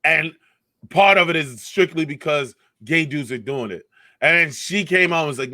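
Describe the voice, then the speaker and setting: Profane, animated man ranting. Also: on the high side, a little fast, dry recording, studio quality. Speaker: podcast co-host. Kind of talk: casual comedy podcast chat.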